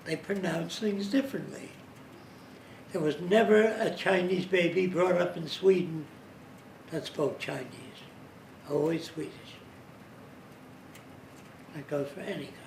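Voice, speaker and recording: A man's voice: on the high side, unhurried, creaky, long pauses. A man giving an informal lecture, explaining his point step by step and now and then mimicking how others talk. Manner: explanatory, slips into mimicking accents. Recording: roomy, distant mic, faint hiss.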